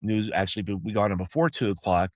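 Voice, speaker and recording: A man's voice: fairly low pitch, fast, no echo. A man hosting a solo sports opinion podcast, talking emphatically and repeatedly tacking on "okay?" to drive his points home. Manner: rallying, pleading tone toward fans. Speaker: podcast host.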